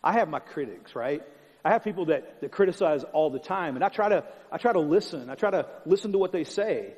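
A man's voice: fairly high pitch, expressive, fairly quick, a little mellow. A man preaching a sermon as pastor, in an emphatic, conversational style with lots of repetition. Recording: long hall reverb, dull sound.

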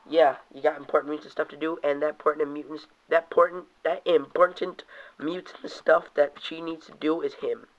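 Young man, toy reviewer, rambling casual talk, somewhat high voice, muffled lo-fi audio. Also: little pitch movement, moderate pace. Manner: rambling, reads comic panels aloud in put-on voices, curses casually. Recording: dull lo-fi home video audio.

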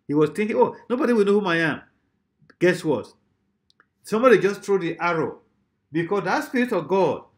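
A man preaching a sermon emphatically, often repeating his phrases and swinging between loud and soft. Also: fairly high pitch.

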